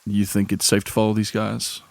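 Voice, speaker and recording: A man's voice: lowish voice, monotone, a little fast, vocal fry, a little mellow, no echo. A man playing Zahn, a dry, weary rider. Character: weary male companion riding a horse.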